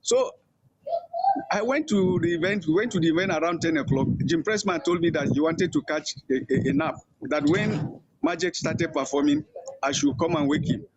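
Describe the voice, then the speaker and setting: A man's voice: moderate pace, slight background noise. An older man with a Nigerian accent, an interview guest telling long stories and acting out the voices of people he quotes. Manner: animated storyteller, acting out quoted voices with higher pitch. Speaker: interview guest, veteran journalist. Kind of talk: storytelling interview. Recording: dull, muffled sound.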